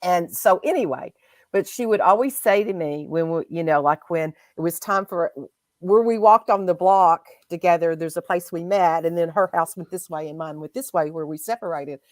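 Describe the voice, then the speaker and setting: A woman hosting a casual spiritual chat, speaking in a gentle, reflective and heartfelt way. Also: on the low side, normal speed, no echo. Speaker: host.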